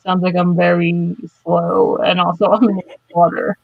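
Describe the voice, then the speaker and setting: Flat, gravelly man on a video call. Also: high voice, normal speed, no echo, phone-quality sound. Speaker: tech support on a livestream team. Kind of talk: casual video-call tech check. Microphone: webcam mic on a video call.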